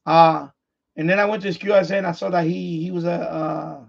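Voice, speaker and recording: A man's voice: a little high, steady tone, fairly quick, vocal fry, highs cut off. A man hosting an amateur radio livestream, chatting casually and rambling, often restarting and repeating himself. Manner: repetitive, restarts sentences often.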